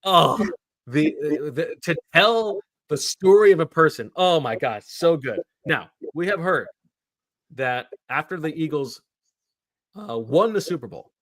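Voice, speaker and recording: A man hosting a sports podcast in casual chat, telling stories in an animated way. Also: on the high side, a little slow, no room sound. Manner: animated storyteller.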